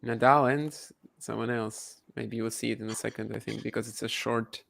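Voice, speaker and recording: Gravelly man chatting casually. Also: medium pitch, fairly even intonation, normal speed, a bit bright. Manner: jokey, laughs at own jokes. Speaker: podcast co-host. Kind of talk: casual live watchalong chat.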